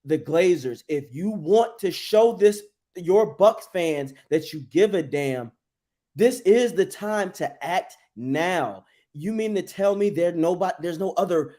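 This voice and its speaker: Here's a sports podcast co-host on a live fan show, angry and profane as he blows off steam in a fired-up rant full of swearing. He speaks in a high-pitched, slightly mellow voice.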